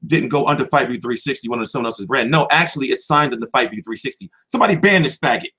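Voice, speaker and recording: A man's voice: mid-range voice, fast talker, bright, forceful tone, breathy edge. A young man hosting a boxing channel, answering viewers in a heated, profane livestream chat.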